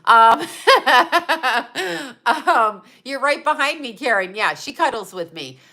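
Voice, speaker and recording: A woman in her fifties hosts a loose, chatty livestream. Her voice is bright and forceful, a little stuffed up in the nose. She swears freely and laughs easily as she replies to her viewers. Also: high-pitched, animated, slow. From Utah. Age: 50s. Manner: chatty, profane, laughs often, answers viewer chat. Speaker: psychic medium host. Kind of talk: casual livestream chat.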